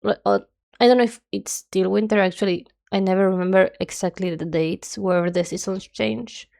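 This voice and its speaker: A woman's voice: medium pitch, fairly even intonation, normal speed, gravelly, darkish tone. A young woman streamer chatting casually and rambling nonstop while she draws, her nose stuffy. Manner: rambling, chatty, self-described yapping.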